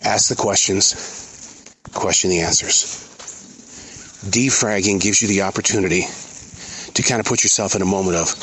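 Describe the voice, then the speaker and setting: A man's voice: low-pitched, a bit bright, slight background noise, rough recording. Earnest middle-aged man musing outdoors. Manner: earnest, halting, searching. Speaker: podcast host. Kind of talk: reflective spoken monologue. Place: outdoors in a forest.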